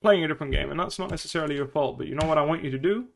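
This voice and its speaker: A man with a rough, gravelly voice coaching a player through a game review at a quick clip. He is blunt, curses often and acts out little scenes to make his point. His tone stays casual and direct. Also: on the high side.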